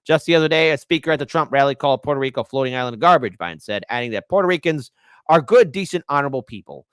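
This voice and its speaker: A man's voice: mid-range voice, expressive, very fast, smooth, no room sound, clean studio sound. A man hosting casual political commentary, sarcastic and mocking, reading articles aloud. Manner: sarcastic, mocking, swings between loud outbursts and mutters.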